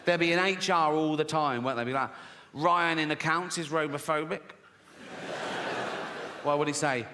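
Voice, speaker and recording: A man in his sixties with an English accent doing stand-up comedy, sardonic, acting out voices and asking "right?" after his punchlines. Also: a little high. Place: large theatre with audience. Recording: live hall reverb, faint room noise.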